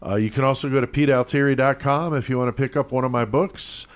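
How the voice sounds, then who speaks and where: A man's voice: mid-range voice, quick pace. A man co-hosting a podcast in casual chat, laid-back and profane, running through the show plugs. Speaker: podcast co-host.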